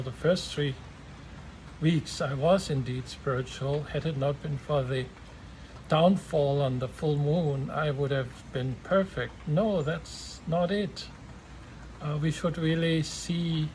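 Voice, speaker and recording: A man gives an unscripted spiritual talk in a slightly high voice. He speaks very slowly and haltingly, with frequent fillers and pauses. A faint hiss of noise sits under the recording. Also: poor audio. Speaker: spiritual teacher.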